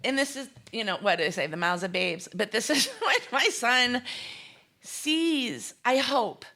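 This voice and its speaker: Middle-aged woman guest, bright punchy voice, earnest and emphatic, acts out quotes. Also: a little high, expressive, a little slow. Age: 40s or 50s. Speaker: guest, holistic chef. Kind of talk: candid interview talk.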